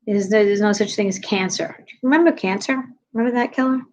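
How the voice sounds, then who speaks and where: A tired woman comedian with a low voice, ranting bluntly and sarcastically to her viewers in a casual chat. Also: a little fast, darkish tone, muffled recording. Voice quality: low, husky. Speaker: comedian live-streaming.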